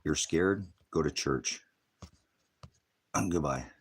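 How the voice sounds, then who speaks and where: A man's voice: very deep voice, moderate pace, breathy edge. A retired male pastor preaching in a rambling, combative rant that jumps from topic to topic. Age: older.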